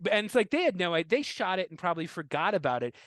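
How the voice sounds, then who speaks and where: An animated man tells stories in a fairly high voice, slipping into quoted voices of relatives and laughing at his own tales. The sound is close and dry, with no room around it. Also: fast talker, no echo. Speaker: comedian and guest. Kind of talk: casual interview chat.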